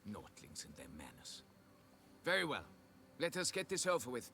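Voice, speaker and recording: A man's voice: mid-range voice, wildly swooping pitch, moderate pace, sharp tone, slight background noise, heavily acted. An actor voicing a pompous, haughty middle-aged nobleman who owns a vineyard, in video game dialogue. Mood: aloof. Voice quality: pompous, condescending.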